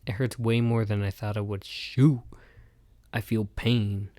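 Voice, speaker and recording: A man's voice: on the low side, fairly even intonation, unhurried, dark tone, no echo, clean studio sound, lightly acted. A man reading as a melodramatic young witch. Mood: pained. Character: feared young female witch, dramatic.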